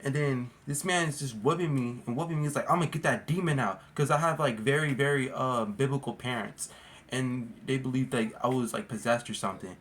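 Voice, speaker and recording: A vlogger speaks directly to camera in a loose, casual storytime monologue, rambling, restarting and peppering his speech with slang like "bro" and "like." His pitch is ordinary and mid-range, and he talks a little fast.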